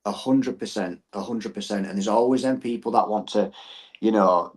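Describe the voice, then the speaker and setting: A middle-aged man with a somewhat low voice. He explains things earnestly as a podcast guest and repeats phrases to drive a point home. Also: moderate pace, slightly rough, rough recording. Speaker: martial arts gym owner and coach.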